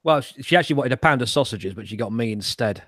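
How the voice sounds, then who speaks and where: A man's voice: medium pitch, animated, fast talker, a bit bright, no room sound, clean studio sound. A man co-hosting a casual live-stream chat, joking, swearing freely and laughing often. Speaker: co-host.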